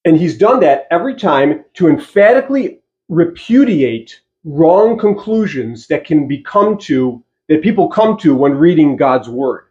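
A pastor preaches a sermon emphatically, slowing down to stress key phrases and putting rhetorical questions to his congregation. His voice sits on the high side and is a little mellow, captured with lo-fi sound.

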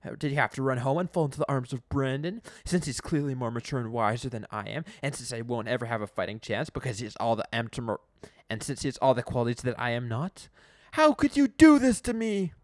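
A man voicing a jealous, frustrated young man in a loud, indignant rant. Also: on the high side, big pitch swings, measured pace, no echo, studio quality, voice pushed up.

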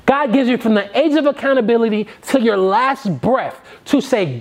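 A man delivers a sermon in an emphatic, repetitive cadence. His voice sits high for a man and rises and falls widely as he drives each point home. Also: expressive, normal speed, hardly any pauses. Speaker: preacher.

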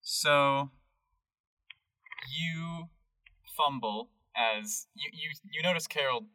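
Male game master, bright tone, slightly distant mic, hesitant. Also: on the high side, lively intonation, very slow. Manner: laughs often, hesitant fillers. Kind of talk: narrating a tabletop game.

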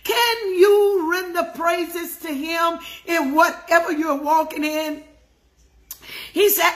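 A woman's voice: very high voice, steady tone, slow, fairly bright tone. A woman preaching a fervent devotional sermon, drawing out key words and speaking to listeners by name, her voice catching with emotion at times.

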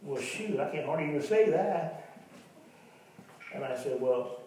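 A male pastor preaches in a folksy, conversational way, mixing personal stories with scripture and asides to the congregation. His voice sits at an ordinary pitch and rings through a very echoey church hall. The mic is set some distance from him, and a faint room hiss runs underneath. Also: very animated, normal speed, pauses often, warm tone. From Kansas, USA. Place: church sanctuary.

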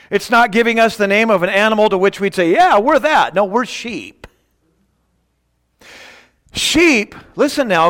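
A middle-aged man preaching a sermon as guest pastor, emphatic, slowing down to stress key words and questioning the congregation. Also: high-pitched, fairly bright tone, no room sound, clean studio sound, long reverb tail. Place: church sanctuary.

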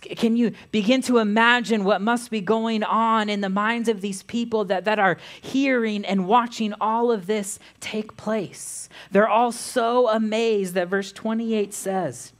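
A woman pastor giving a sermon, reading scripture aloud in a measured way. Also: medium pitch.

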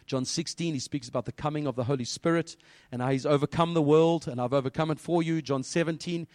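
Male pastor, slightly high voice, lively, keeps quizzing the listeners; dry, close sound. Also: quick pace, no echo. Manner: lively, questioning the audience, quoting scripture. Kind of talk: children's sermon.

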